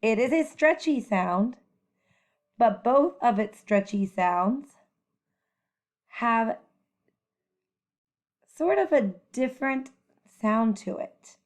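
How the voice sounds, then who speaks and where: A woman teacher giving a children's phonics lesson, speaking clearly and encouragingly as she models letter sounds. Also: on the high side, lively intonation, takes it slowly, pauses often.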